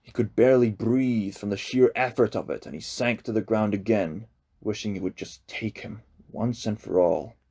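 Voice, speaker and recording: A man narrating a novel aloud with slow, expressive storytelling. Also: lowish voice. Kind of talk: audiobook reading.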